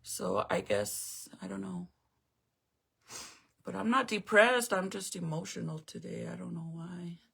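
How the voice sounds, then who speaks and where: A woman's voice: fairly low pitch, animated, measured pace, gravelly, a bit bright, slightly rough. A woman in her thirties chatting casually on a livestream to her viewers, emotional and close to tears. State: tearful. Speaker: livestream host.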